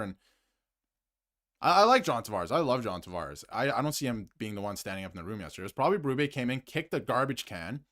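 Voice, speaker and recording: Fired-up man ranting with lively pitch. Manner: heated and emphatic, repeats phrases, swings between loud outbursts and muttered asides. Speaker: sports commentary host. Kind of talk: fired-up solo hockey rant to camera, reading super chats.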